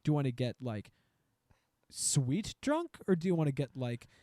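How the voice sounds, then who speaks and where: Rambling, foul-mouthed young man, fairly high voice. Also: big pitch swings, normal speed, dark tone, dry recording, clean studio sound. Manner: rambling, profane, goes off on tangents. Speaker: podcast co-host. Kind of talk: casual chat.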